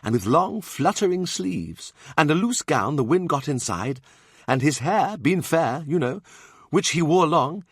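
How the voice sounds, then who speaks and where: A man's voice: fairly high pitch, very animated, a little slow, slightly rough, no room sound, studio quality, pitched above the performer's own voice, heavily acted. A man voicing an old knight courtier telling a dramatic story in an audiobook. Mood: storytelling. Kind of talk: audiobook character voice.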